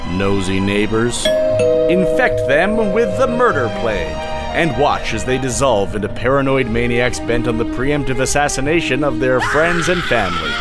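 A man announcing a podcast promo in a punchy infomercial-spoof manner. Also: mid-range voice.

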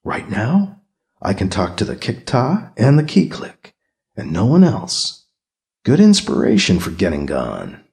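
A man's voice: fairly low pitch, huge pitch swings, measured pace, creaky, darkish tone, husky, heavily acted. An actor playing a wry human male space mediator in a radio drama, with dry, sardonic asides.

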